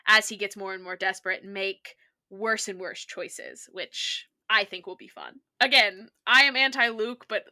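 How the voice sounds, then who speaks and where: Bright-voiced chatty woman podcaster. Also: mid-range voice, a little slow. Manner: chatty, peppered with "like". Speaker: podcast co-host. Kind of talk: casual chat recapping a TV episode.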